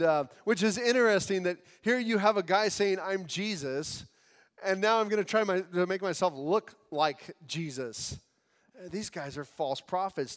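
A man with a notably high voice preaches to his congregation in a church sanctuary. He talks earnestly and conversationally, breaking off into asides and restarting sentences. His words ring out in a hall with a long reverb. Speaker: pastor. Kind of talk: sermon.

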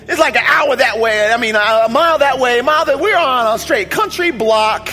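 Excitable storytelling man over music. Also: very high voice, quick pace, hardly any pauses. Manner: excitable, swings from shouting to hushed. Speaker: speaker telling a personal story. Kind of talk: animated personal storytelling. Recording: music playing behind.

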